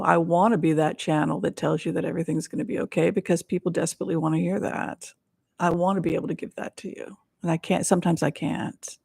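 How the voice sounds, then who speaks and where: A woman's voice: fairly low pitch, vocal fry. A woman hosting a casual tarot reading livestream, earnest and at times dropping to near whispers. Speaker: psychic livestream host.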